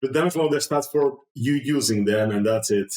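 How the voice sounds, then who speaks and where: A man running a tabletop game as game master, chatty and relaxed, with many fillers. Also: medium pitch, moderate pace, roomy sound, rough recording.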